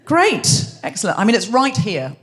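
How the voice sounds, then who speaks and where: A woman from Queensland whose Australian accent has softened toward English, hosting a live comedy podcast with wry, measured storytelling. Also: medium pitch, very animated. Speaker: podcast host. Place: live stage before an audience.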